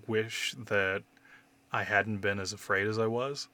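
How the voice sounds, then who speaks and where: Brief: man in his thirties, bright, forward voice sitting a little low, candid storyteller who swears a lot. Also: fairly even intonation, measured pace. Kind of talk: casual conversation.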